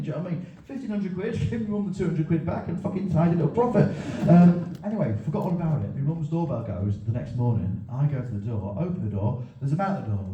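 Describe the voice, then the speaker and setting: A man's voice: a little high, warm tone. A man from Grimsby, telling rambling, self-deprecating stories on stage as a stand-up comedian. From Grimsby, England. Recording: roomy venue sound from a distance, dull.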